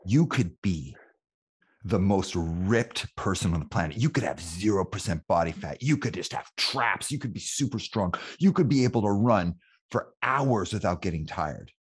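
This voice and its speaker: A man acting out a loud, brash male record label boss who gives a bossy hard sell. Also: low voice, animated, moderate pace, slightly rough, heavily acted. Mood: menacing.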